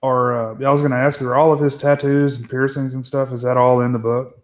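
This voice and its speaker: A man's voice: mid-range voice, little pitch movement, fast. A man co-hosting a casual movie commentary, hesitant and full of fillers. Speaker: commentary co-host.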